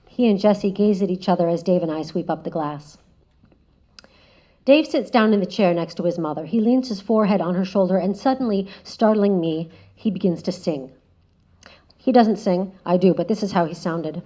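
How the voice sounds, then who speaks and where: A woman giving a prepared spoken essay as a guest speaker, measured and reflective, often letting her phrases trail off softly. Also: fairly low pitch. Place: lecture room. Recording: slightly dull lo-fi audio.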